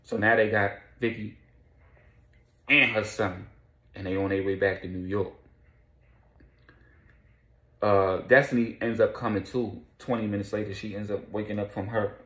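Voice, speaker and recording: A man's voice: fairly low pitch, roomy sound. A man telling a story casually, with slang, profanity and repetition.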